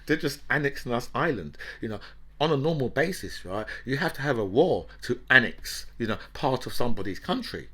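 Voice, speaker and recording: A man delivers a heated, opinionated monologue as a show host. His voice sits at an ordinary pitch. He keeps jabbing in "right?" and "you know" as he rants. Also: lively intonation, a little fast, a bit bright, slightly rough. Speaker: political commentator and host.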